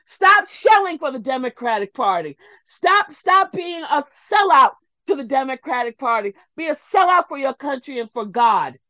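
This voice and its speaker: A woman's voice: high-pitched, very animated, normal speed, hardly any pauses, pushed and bright, dry recording. A woman guest commentator speaking emphatically and emotionally on a talk show, building to anger. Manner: emphatic, preachy, rising to anger. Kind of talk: impassioned political talk.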